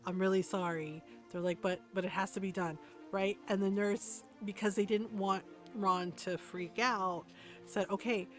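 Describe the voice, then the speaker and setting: A woman's voice: medium pitch, steady tone, normal speed. A woman streamer chatting casually while gaming, retelling stories with lots of quoted back-and-forth and frequent tag questions. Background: faint background music.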